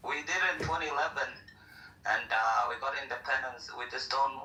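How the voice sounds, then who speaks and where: A man's voice: medium pitch, brisk, bright, forceful tone, echoey room, far from the mic, a little hiss or hum, poor audio. A man whose first language is not English speaks bluntly in a casual chat and keeps repeating the same harsh words.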